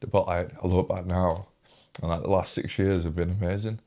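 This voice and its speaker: Low mellow guy, choked up, swears a lot, keeps restarting. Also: flat delivery. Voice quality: informal, swears often, halting and repetitive. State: holding back tears. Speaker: podcast host. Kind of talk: emotional casual conversation.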